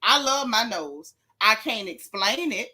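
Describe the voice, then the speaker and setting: A woman's voice: a little high, lively intonation, a little slow, bright, forceful tone, husky. A woman hosting a live stream, chatting candidly with viewers and reading their comments aloud. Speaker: live-stream host recapping a reality show. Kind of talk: casual live-stream chat.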